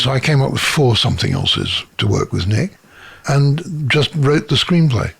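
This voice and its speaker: A man's voice: mid-range voice, animated, normal speed, creaky, a bit bright, slightly rough. An older man, a screenwriter, tells anecdotes in an interview in his office. He chuckles as he talks and acts out the voices of people in his stories. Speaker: screenwriter and producer.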